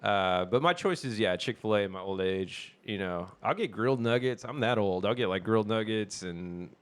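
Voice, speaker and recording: A man's voice: lowish voice, expressive, normal speed, clean tone. A man co-hosting a podcast, chatting casually and rambling through a story he retells with laughs. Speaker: podcast co-host. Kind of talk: casual chat.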